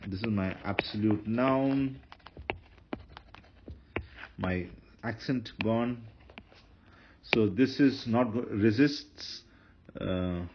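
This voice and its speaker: Male teacher, low voice, patient lecturing tone, muffled recording with light background noise. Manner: patient, repeats and corrects himself. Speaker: Hebrew grammar teacher. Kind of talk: lecture explaining grammar.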